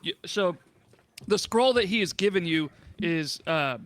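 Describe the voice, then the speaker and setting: A man's voice: high voice, expressive, unhurried, fairly bright tone. A man running a tabletop game as game master, giggly and self-deprecating, with frequent restarts.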